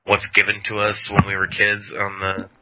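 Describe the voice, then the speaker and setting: A man's voice: fairly low pitch, monotone, normal speed, noisy background. A man co-hosting a podcast, chatting casually and rambling, laughing often. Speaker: podcast co-host. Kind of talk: casual chat. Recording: dull lo-fi audio.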